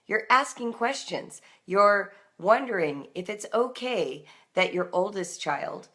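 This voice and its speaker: A woman reading her homeschooling encouragement aloud, then chatting casually with her live audience, gentle and reflective, in her morning voice. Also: medium pitch, expressive, slow pace, hardly any pauses. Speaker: homeschool writer reading her daily book on a live stream.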